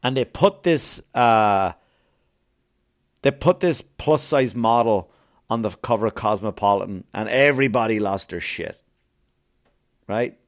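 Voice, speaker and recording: A man's voice: lowish voice, lively intonation, measured pace, pauses often. A man on a blunt, profane comic rant, arguing and mocking as he goes. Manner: blunt, swearing, argumentative, mocking.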